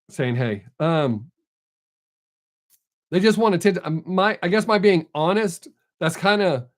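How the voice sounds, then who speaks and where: A man chatting casually on a live stream, answering viewers bluntly and without a filter. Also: sits high. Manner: blunt, unfiltered, reads out viewer names.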